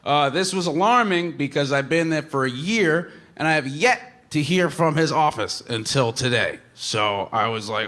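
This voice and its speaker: A man's voice: mid-range voice, normal speed, a bit bright. A man telling a comic story in a casual, rambling way, full of "like" and "you know.".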